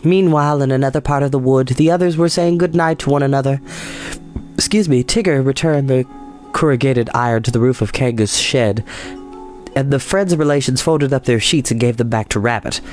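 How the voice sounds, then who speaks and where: A man reading a children's book aloud, in a lively way with chatty asides. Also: mid-range voice, fairly quick, soft background music. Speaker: storyteller.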